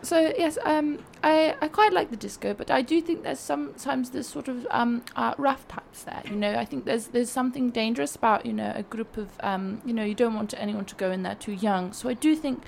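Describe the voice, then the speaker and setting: A woman's voice: fairly high pitch, fairly quick, creaky, few pauses, a little hiss or hum. A woman voicing a hesitant passer-by who is stopped for a street interview and answers with lots of ums.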